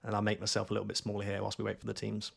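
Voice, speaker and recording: Speaking very fast in a flat, lowish voice with vocal fry and a slightly rough edge, a young man narrates his live stream of a map guessing game. He thinks aloud and wanders off topic, using lots of fillers and jokes at his own expense.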